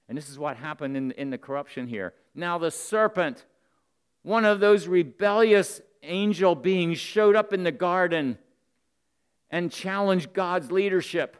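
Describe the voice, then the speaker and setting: A man delivers a sermon aimed at the men of his congregation, earnest and direct. He alternates between loud, emphatic bursts and quiet, intimate asides, and his tone is clean.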